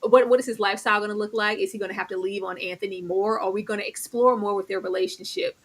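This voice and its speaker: A woman hosting a casual live recap of a TV show, lively and often laughing as she acts out the characters' lines. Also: mid-range voice, quick pace, breathy edge. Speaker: host reviewing a TV series.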